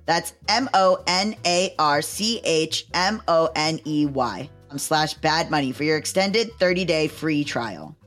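A woman's voice: low voice, lively intonation, measured pace, few pauses, a bit bright, soft background music. A woman podcast host doing an upbeat, enthusiastic scripted ad read.

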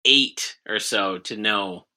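A man's voice: on the low side, slow, bright, forceful tone. A man co-hosting a comedy podcast, reading out news items in casual banter with a dry, sarcastic delivery.

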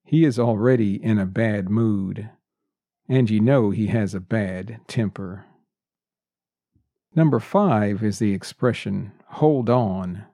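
A man teaching English expressions, repeating each phrase and example sentence slowly and deliberately. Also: fairly low pitch, warm tone, no echo. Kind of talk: slow, deliberate English lesson.

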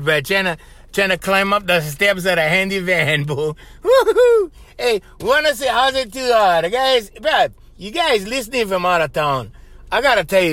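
High, bright Hawaiian Pidgin-speaking man. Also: no echo. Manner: loose and joking, lots of "bro" and laughter. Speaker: podcast host. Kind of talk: casual solo podcast chat.

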